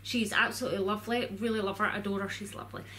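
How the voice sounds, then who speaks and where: A woman's voice: mid-range voice, fairly even intonation, rapid-fire, a bit bright. A woman vlogger chatting casually to camera in a rambling way, full of "like"s.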